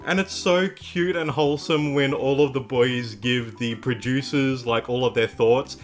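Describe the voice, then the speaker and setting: A man's voice: medium pitch, unhurried, faint music behind. A young man hosting a K-pop reaction video, chatting casually and gushing with upbeat enthusiasm, filling his talk with "like". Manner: gushing, upbeat, heavy use of "like".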